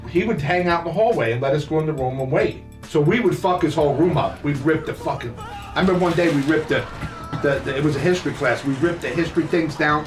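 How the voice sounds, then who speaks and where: An older man spins profane childhood stories, rambling and laughing as he goes. His voice sits high for a man. It rings in a roomy space, picked up from a few feet off the mic with faint music underneath. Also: far from the mic. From New Jersey. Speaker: podcast host. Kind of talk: casual storytelling.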